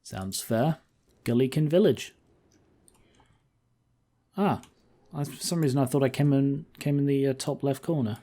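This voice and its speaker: A man with a mellow, mid-range voice hosts a let's-play, casually commenting on the game as he thinks aloud. He's unhurried and pauses often, rambling with fillers and asides.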